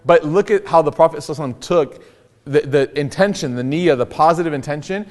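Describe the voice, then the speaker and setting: A young Islamic lecturer gives a casual, joking sermon, telling stories and acting out the quotes. He talks fast in a slightly high, darkish voice, and the hall adds long reverb.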